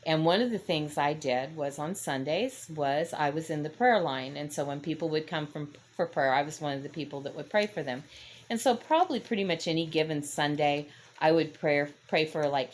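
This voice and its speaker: A woman's voice: deep voice, fairly quick, slight background noise. An older woman hosting a casual faith-based talk, telling a story in a rambling, self-correcting way. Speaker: host.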